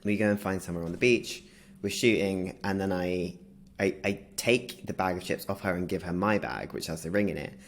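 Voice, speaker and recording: Low-voiced man telling a story. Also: brisk. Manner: lively anecdotal storytelling, laughs through it. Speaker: guest. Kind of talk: casual interview chat.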